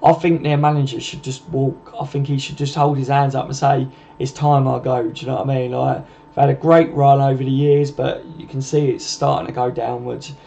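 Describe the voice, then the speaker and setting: A man's voice: medium pitch, level tone, moderate pace, vocal fry, warm tone. A man hosting a casual live stream, chatting to viewers and calling them mate. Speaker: host. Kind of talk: casual live-stream chat reading comments. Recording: dull lo-fi home stream with faint noise.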